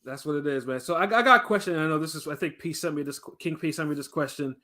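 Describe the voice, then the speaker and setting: A man's voice: fairly high pitch, bright, forceful tone. A man co-hosting an interview, easygoing and chiming in with questions. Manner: easygoing, quick to laugh along. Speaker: co-host. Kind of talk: casual interview chat.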